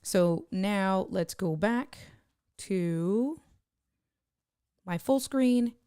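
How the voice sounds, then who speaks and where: A woman live streamer giving a casual tutorial on streaming software, chatting as she clicks and greeting viewers by name. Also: mid-range voice, animated, very slow, smooth, dry recording, studio quality.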